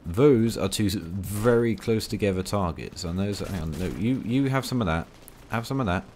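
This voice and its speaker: This gaming video creator speaks at normal speed in a very low, deep voice with a darkish tone, a faint hiss underneath. He rambles loosely while playing, teasing himself and tossing in dry remarks.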